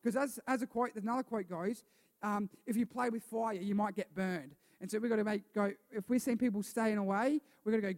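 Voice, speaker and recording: A man's voice: high voice, normal speed, darkish tone. A male pastor preaching a casual, chatty sermon, repeating himself and asking the congregation questions. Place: church hall with a congregation. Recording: long reverb of a church hall.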